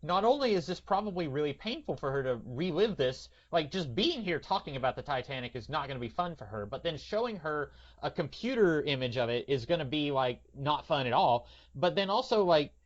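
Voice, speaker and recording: A man co-hosting a podcast, talking about films in a loose, chatty way with halting fillers. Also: fairly high pitch, sing-song. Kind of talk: casual film discussion. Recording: dull lo-fi podcast audio.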